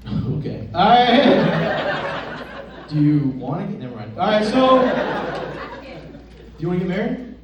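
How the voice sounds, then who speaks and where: Doing stand-up in a comedy club, a young man with a high, very animated voice speaks a little slowly with long pauses, cracking jokes with the audience and laughing at his own material. The handheld stage mic sounds distant, the audio is dull and noisy, and the roomy space carries audience laughter.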